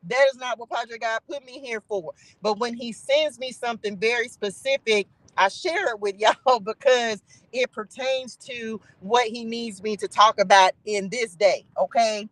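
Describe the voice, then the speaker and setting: A woman's voice: on the high side, normal speed, a bit bright, no room sound, rough recording. A woman hosting a channel who delivers an informal spiritual message. She preaches, calls out to the Spirit and repeats phrases for emphasis. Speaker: spiritual reader and channel host.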